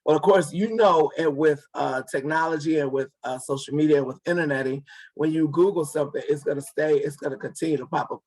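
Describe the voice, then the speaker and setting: A man's voice: a little high, fairly quick, a little mellow. A man in his forties, an author and guest, telling a story casually and acting out the dialogue with many restarts. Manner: acts out quoted dialogue, repeats and restarts words.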